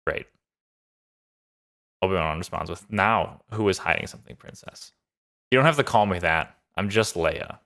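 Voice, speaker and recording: A man's voice: low-pitched, expressive, normal speed, a bit bright. A man casually recapping and reviewing a TV episode, upbeat and rambling with lots of fillers. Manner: enthusiastic, loose with many fillers. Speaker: show reviewer.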